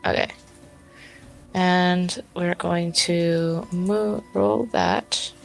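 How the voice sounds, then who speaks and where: Woman tabletop player, low voice with gravelly fry, hesitant and thinking aloud. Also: steady tone, extremely slow, soft background music. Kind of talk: casual tabletop play.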